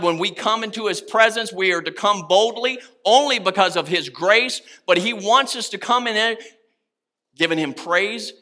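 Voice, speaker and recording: Male pastor, high and very bright voice, impassioned sermon, swings from hushed to loud. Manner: impassioned, rising to shouts on key words.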